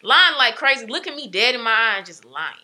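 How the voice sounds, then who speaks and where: Bright-voiced woman in animated chat. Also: a little high, a little fast. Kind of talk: casual chat.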